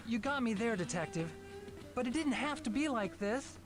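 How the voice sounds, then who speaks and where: An actor playing a charming, flattering young man in a mystery video game. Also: very high-pitched, moderate pace. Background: game music.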